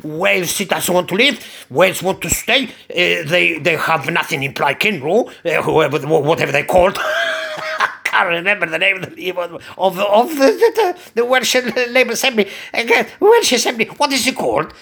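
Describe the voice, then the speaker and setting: Older man from Cyprus, chatty rambling talker who chuckles, husky and lively. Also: high-pitched, normal speed. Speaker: barber. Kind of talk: casual monologue.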